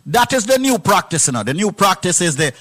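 Bright, animated male radio host. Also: high-pitched, brisk. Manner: animated, laughs, sing-song emphasis. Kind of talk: call-in show hosting.

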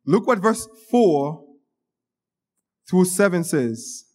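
A man's voice: high-pitched, big pitch swings, very slow, darkish tone. A man preaching a sermon, emphatic, often restarting his words mid-phrase. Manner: emphatic, with repeated restarts and stammers. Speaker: pastor.

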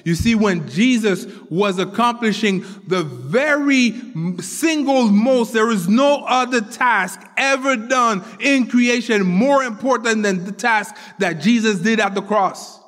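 A pastor and adult father of four preaches a sermon with earnest conviction, repeating key phrases for emphasis. His male voice is high and a bit bright, at a measured pace with hardly any pauses. A long hall reverb colors the recording.

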